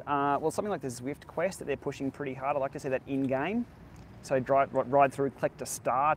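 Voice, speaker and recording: A man's voice: mid-range voice, gravelly, a little mellow, slight background noise. A man hosting a casual live-stream Q&A outdoors by the beach, answering viewer questions in a candid, laid-back way. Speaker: cycling tech channel host.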